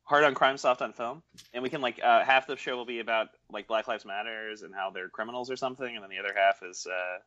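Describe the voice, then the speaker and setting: A man's voice: mid-range voice, steady tone, fast, few pauses, bright, forceful tone, dry recording. A man co-hosting a casual film podcast, talking in a sarcastic, rambling way and often repeating himself. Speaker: podcast co-host. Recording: dull lo-fi dry sound.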